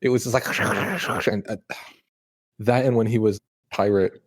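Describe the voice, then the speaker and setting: A man in a casual podcast chat, animated and swearing casually. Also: lowish voice, a little slow, no echo. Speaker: podcast co-host.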